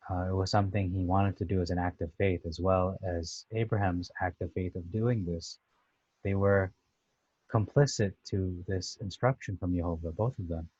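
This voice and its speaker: A man giving a casual, conversational commentary on a Bible passage, thoughtful and pausing with "uh" as he restarts. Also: low-pitched, fairly even intonation, a little mellow, slightly rough, dry recording, dull audio. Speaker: Bible teacher.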